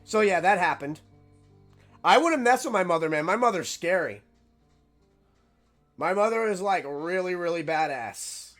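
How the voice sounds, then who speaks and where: A young man telling a casual, rambling story, animated and full of "like" fillers. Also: high-pitched, normal speed, long pauses, faint music behind.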